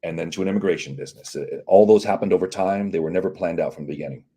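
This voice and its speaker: A man's voice: deep voice, rapid-fire, slightly rough. A man being interviewed as a company CEO, telling his story in a casual way and acting out the other voices in his dialogue. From United States. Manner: animated, acts out dialogue with quoted voices. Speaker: CEO of immigration and employment firm, guest.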